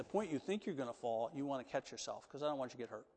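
A man preaching a sermon in a church, animated, swinging from loud emphatic lines to soft, coaxing asides. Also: mid-range voice, racing. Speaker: pastor. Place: church sanctuary. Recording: long reverb of a church hall.

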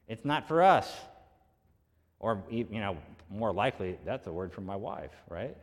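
A man's voice: fairly low pitch, lively intonation, moderate pace. A man preaching a sermon as pastor, telling a story in a conversational way and acting out the quoted voices. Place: church sanctuary. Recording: long hall reverb.

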